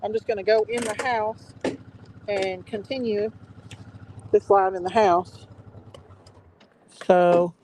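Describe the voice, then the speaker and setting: Slow-talking chatty woman livestreaming. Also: mid-range voice, steady tone, noisy background. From Tennessee. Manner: rambling, chatty, talks to viewers as y'all. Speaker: livestream host. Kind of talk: casual livestream chat. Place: farm, outdoors then indoors at home. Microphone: phone or laptop.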